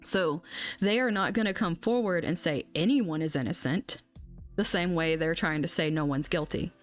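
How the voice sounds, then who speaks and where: A woman's voice: on the low side, moderate pace, faint music behind. A young woman hosting an astrology livestream, chatting bluntly and casually, swearing now and then. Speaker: astrology channel host.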